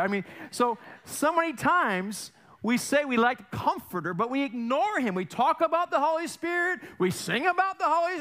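An animated male pastor delivers a sermon from a church platform. His voice sits high for a man and leaps all over the place, swinging between hushed asides and bright bursts. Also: a little fast. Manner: animated, acts out family voices in quotes. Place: church sanctuary.

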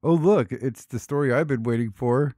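Podcast co-host, man, mid-pitched, teasing, dry close sound. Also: normal speed, mellow, no echo. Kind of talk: casual chat.

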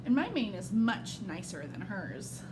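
A woman's voice: mid-range voice, very animated, a little slow, noisy background. A woman putting on a vain, sneering pony. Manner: sneering, boastful.

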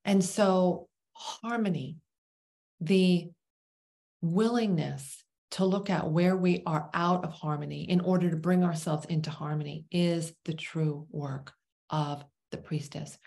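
A woman with a fairly low voice, teaching spirituality through a parable. She speaks slowly with long dramatic pauses and sinks to a hush on the words she stresses. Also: steady tone, vocal fry. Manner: slow, dramatic pauses, drops to a whisper on key words.

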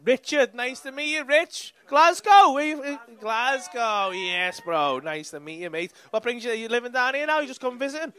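A man's voice: very high-pitched, lively intonation, normal speed, hardly any pauses, fairly bright tone, clean tone. A man doing crowd work at a comedy club, bantering with the audience in brash, sweary, teasing talk. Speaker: stand-up comedian.

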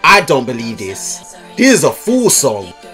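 A man hosting a music video reaction, loud and excitable, swearing and jumping into high squeals. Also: unhurried. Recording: music playing behind.

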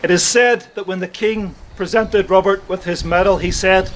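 A man's voice: high voice, steady tone, rough recording. A man giving a solemn historical address at an outdoor memorial service. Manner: measured, solemn delivery. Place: outdoors at a churchyard. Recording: outdoor recording with faint ambient noise.

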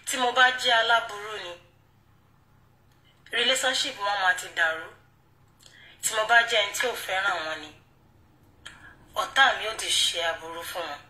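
A young woman with a Yoruba accent speaking to camera in an emotional monologue, pleading, apologetic and halting. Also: mid-range voice, sharp tone, reverberant, distant mic, low-quality recording. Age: young adult. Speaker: video creator.

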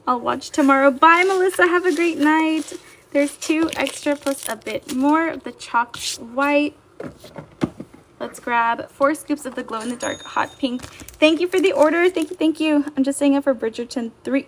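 At a moderate pace, a young woman with a high-pitched voice chats on her livestream as she fills orders, reading comments aloud in a bubbly way. Slight background noise can be heard.

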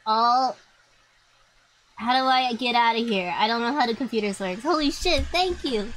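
A young woman streaming a game, chatting to her viewers with lots of swearing and sudden excited outbursts. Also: on the high side, moderate pace, slight background noise, rough recording. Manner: excitable, swears freely, talks to chat. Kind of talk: live gameplay commentary.

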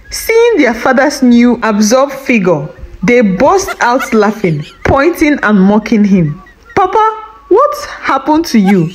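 A Nigerian woman telling a folktale, her voice full of lively rises and falls. She narrates a scripted story with a sing-song, expressive delivery at a middle pitch. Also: rough recording.

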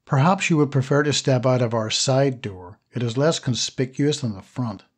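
A man doing a calm, precise old shopkeeper. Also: medium pitch, moderate pace, slightly rough, close to an everyday voice. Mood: courteous.

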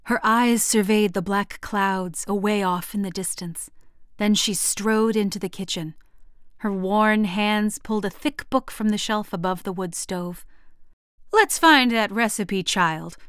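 A woman teacher reading a picture book aloud to her students, gentle and expressive. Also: mid-range voice, a little slow, clear, resonant tone, no echo, studio quality.

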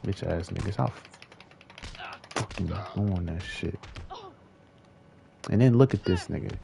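A man's voice: low-pitched, unhurried, vocal fry, noisy background. A young man giving casual gameplay commentary, frustrated and swearing as he talks to himself. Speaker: gaming streamer.

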